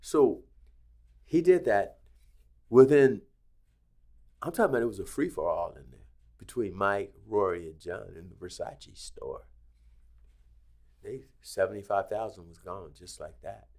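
This Las Vegas casino executive has a lowish voice and a measured pace, pausing often as he tells a story during a podcast interview. He's animated, acting out the quoted dialogue of the characters.

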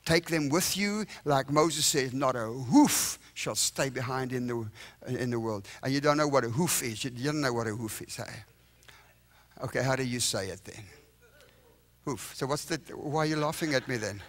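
A middle-aged man with a South African accent preaching a revival sermon in a church, lively and joking with the congregation, often checking "all right?". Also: medium pitch, normal speed. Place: church sanctuary.

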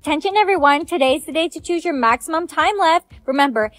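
A text-to-speech woman's voice reading a storytime script, voicing every role with even synthetic delivery. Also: high-pitched, fairly quick, no echo, soft background music.

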